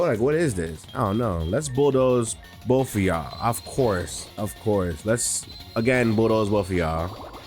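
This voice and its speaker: A young man hosting a let's play, commenting in a hyped, slangy way and calling the viewer bro. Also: on the low side. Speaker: gaming video host.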